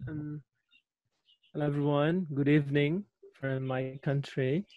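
A man's voice: a little high, fairly even intonation, measured pace, no room sound, phone-quality sound. Earnest man on a voice call, dry sound. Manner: earnest, thoughtful, speaks at length with hesitations. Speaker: chat participant. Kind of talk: casual group voice chat. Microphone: computer microphone on a video call.

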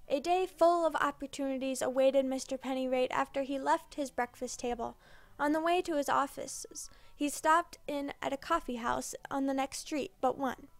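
A woman reading a dark Christmas story aloud as narrator, with expressive storybook delivery. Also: high voice, creaky, dry recording. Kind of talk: scripted narration. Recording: dry close mic with background music.

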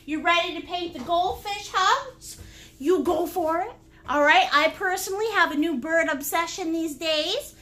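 A woman's voice: very high-pitched, a little slow. A woman hosting a live painting class, joking around playfully and greeting viewers by name. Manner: animated, breaks into laughs and silly sounds. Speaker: painting instructor and livestream host. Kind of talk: lively livestream painting class.

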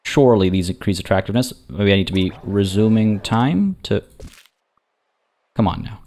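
A man's voice: fairly low pitch, moderate pace, darkish tone. A man hosting a let's play, chatting and thinking aloud as he plays, often poking fun at himself. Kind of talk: game commentary.

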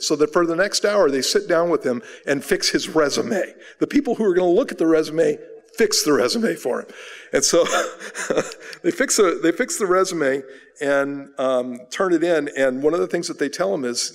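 A man preaching a sermon as pastor, telling a story in a lively, animated way and acting out the people in it. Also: medium pitch, moderate pace. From United States. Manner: animated storyteller, acts out quoted people, chuckles. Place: church sanctuary. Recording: long hall reverb.

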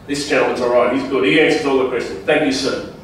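A man's voice: medium pitch, steady tone, fast talker, a little hiss or hum. A man giving a chatty seminar talk to a club audience, often quizzing them with questions. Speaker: guest speaker at a club meeting. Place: meeting room at a club. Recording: echoey room, distant mic.

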